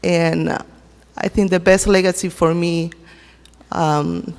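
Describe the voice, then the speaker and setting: A woman's voice: on the low side, steady tone, a little mellow, clean tone. Woman w sharing a heartfelt church testimony, lots of restarts, big echoey church. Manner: halting, heartfelt, many restarts. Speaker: church member giving a tribute. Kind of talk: personal testimony at a memorial service. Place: church sanctuary.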